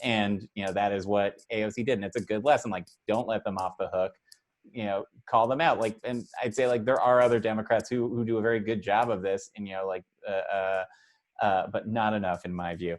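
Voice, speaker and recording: A man's voice: on the low side, fairly even intonation, brisk. Stammering man hosting a video-call panel. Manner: stammering, many uhs and restarts. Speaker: host.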